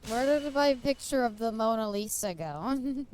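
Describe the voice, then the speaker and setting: A woman's voice: a little high, animated, unhurried, a little mellow, a little hiss or hum, rough recording. A woman streaming a game, chatting casually, laughing often and bantering with chat. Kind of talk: casual livestream chat while gaming.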